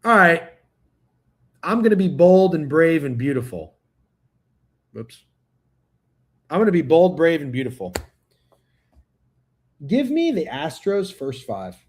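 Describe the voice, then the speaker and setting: A man's voice: a little high, sing-song, takes it slowly, long pauses. A man hosting a sports betting livestream, talking casually and profanely, speaking straight to his chat. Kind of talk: casual live-stream chat.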